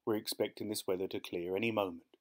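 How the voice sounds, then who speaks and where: Man voicing a polite airport clerk, reassuring, low voice, storybook reading. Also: fairly even intonation, fast, lightly acted.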